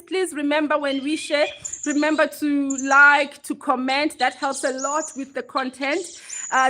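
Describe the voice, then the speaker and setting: Woman, 40s, livestream host, high bright voice, chatty and a touch breathless, phone mic with light hiss. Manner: chatty, greets viewers by name. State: a bit out of breath. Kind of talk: casual livestream chat. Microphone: phone held close.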